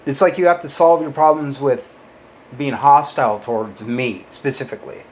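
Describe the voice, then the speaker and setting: A man ranting bitterly at his critics in a to-camera monologue, swearing often, jumping up when riled and dropping low and quiet on insults. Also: expressive, moderate pace, a little hiss or hum. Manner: bitter, combative, swears a lot. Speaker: YouTuber.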